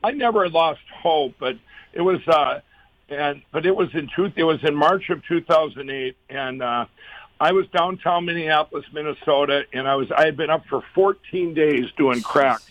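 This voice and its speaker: A man's voice: normal speed, dry recording. A man telling his story as an interview guest, earnest and rambling, acting out quoted voices. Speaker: guest, company founder. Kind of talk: conversational storytelling. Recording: dull, dry low-fi sound.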